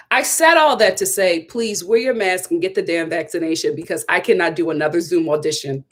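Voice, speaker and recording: A young woman hosting a live review stream, telling a story in an animated, dramatic way and laughing often. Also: on the low side, a little fast, few pauses. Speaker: host of a live reality-show review channel. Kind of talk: casual storytelling to a live chat.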